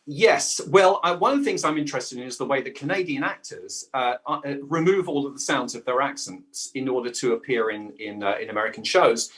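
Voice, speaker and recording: Chatty South London man, halting. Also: mid-range voice, animated, fairly bright tone. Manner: talkative and hesitant, restarts sentences with many fillers. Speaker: guest, improv actor and voice-over artist. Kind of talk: casual interview chat.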